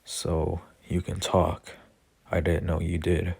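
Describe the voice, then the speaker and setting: A man voicing a lonely ancient male dragon who speaks calmly and matter-of-factly. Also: sits low, slow pace, creaky, husky, full character voice. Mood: solemn. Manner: calm, matter-of-fact.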